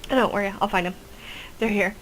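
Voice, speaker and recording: A woman's voice: medium pitch, fairly even intonation, fast, slight background noise, rough recording. A woman hosting a gameplay video, chatting casually and rambling with many fillers. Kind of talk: casual game commentary.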